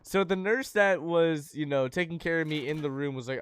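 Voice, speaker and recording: A man's voice: a little high, normal speed, a bit bright, smooth. A young man telling a personal story in a laid-back, slangy way, swearing freely. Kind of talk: casual story time.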